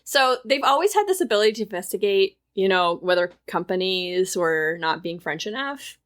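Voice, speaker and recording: A chatty woman co-hosts a casual podcast. She explains things at length, winding through fillers and restarts. Her voice sits at a middling pitch. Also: lively intonation, moderate pace, fairly bright tone. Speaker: podcast co-host. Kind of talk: casual chat.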